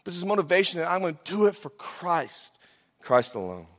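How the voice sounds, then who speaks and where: A male pastor delivers a sermon with a fairly high voice. He moves between loud, fervent emphasis and soft, hushed lines. The sound carries a long, echoey hall reverb. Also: big pitch swings, moderate pace.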